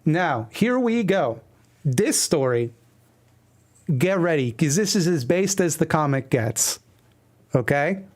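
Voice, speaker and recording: A man's voice: a little high, big pitch swings, takes it slowly, pauses often, a little mellow. A man streaming, reading his old webcomic aloud with wry, self-deprecating commentary. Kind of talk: casual commentary reading a comic.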